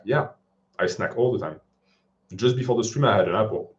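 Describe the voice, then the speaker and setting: A man's voice: lowish voice, a little mellow. Blunt man with a French accent. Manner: blunt, offhand, answers questions in short bursts. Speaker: fitness channel host. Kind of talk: live-stream Q&A. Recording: dull lo-fi stream audio.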